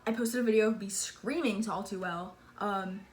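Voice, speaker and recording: A woman telling a story in a casual vlog, excitable and gushing, filling her talk with "like" and calling her listener "sister.". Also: mid-range voice, moderate pace, slight background noise. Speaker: vlogger.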